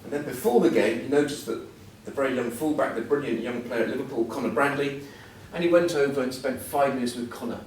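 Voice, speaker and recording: A man's voice: medium pitch, quick pace, hardly any pauses, slight background noise. A man in his sixties giving a humorous, self-deprecating talk as a guest speaker, full of anecdotes. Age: 60s. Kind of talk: anecdotal after-dinner talk. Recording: echoey hall, mic at a distance.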